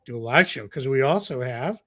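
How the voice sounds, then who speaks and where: Bright-voiced rambling male co-host. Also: mid-range voice, expressive, a little fast. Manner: rambling, reads viewer messages, trails off quietly. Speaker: podcast co-host. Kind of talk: casual live draft chat.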